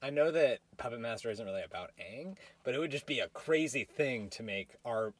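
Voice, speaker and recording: A man co-hosting a podcast in casual chat, relaxed and rambling with many fillers. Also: mid-range voice, fairly quick. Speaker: podcast co-host.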